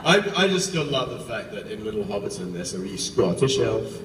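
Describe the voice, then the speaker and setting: A man's voice: fairly low pitch, sing-song, brisk, heavy background noise. A man on a convention panel, chatting in a playful, joking way. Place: convention hall. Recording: echoey hall from far off, crowd.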